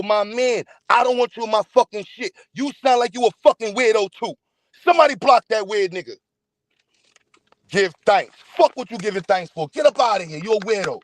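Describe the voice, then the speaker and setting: A young man hosting a livestream, ranting loudly and profanely and mocking the people he disagrees with. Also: high voice, no room sound. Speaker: livestream host. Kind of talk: heated livestream rant.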